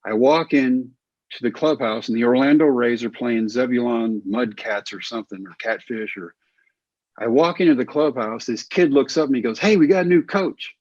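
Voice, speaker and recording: Middle-aged texas guy spinning ball stories, bit raspy, dead dry room. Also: medium pitch, normal speed, no echo, highs cut off. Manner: animated, acts out quoted voices. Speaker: guest, former baseball pitcher. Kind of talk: casual storytelling interview.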